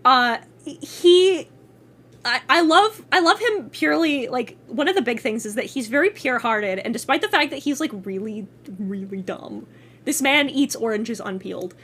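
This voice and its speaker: A woman's voice: high voice, expressive, moderate pace, a bit bright, breathy edge. A woman streamer chatting casually on her stream, gushing with profanity and frequent laughter.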